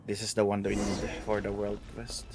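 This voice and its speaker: A man's voice: on the low side, monotone, moderate pace, very noisy. A man streaming a game, casually musing to himself about what to do next. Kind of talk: live gameplay commentary.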